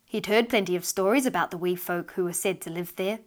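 A woman narrating a storybook tale aloud in a lively, expressive reading voice. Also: on the low side, fairly quick.

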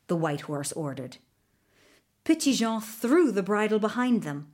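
A woman narrating a children's storybook in an expressive, animated way. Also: mid-range voice, unhurried. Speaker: audiobook narrator.

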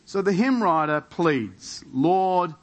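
A man preaching a sermon in a church, his voice sitting a little high for a man. He builds toward emphatic rhetorical questions and leans into key phrases. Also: lively intonation, takes it slowly. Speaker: pastor.

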